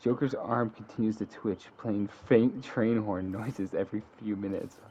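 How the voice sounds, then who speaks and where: A man's voice: on the low side, fairly even intonation, normal speed, mellow. A man casually reading out game events with dramatic flair, laughing at and correcting his own slips. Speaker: narrator of a game simulation. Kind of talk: casual read-aloud narration. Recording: dull lo-fi sound with faint hiss.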